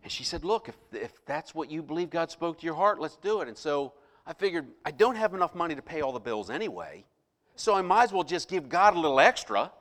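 A middle-aged man preaching a sermon, telling a personal story with animated, rising emphasis. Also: on the high side, brisk. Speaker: pastor.

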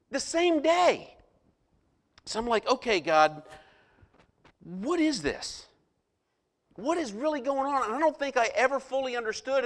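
A middle-aged man preaching a sermon, telling a personal story with animated, rising emphasis. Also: sits high. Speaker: pastor.

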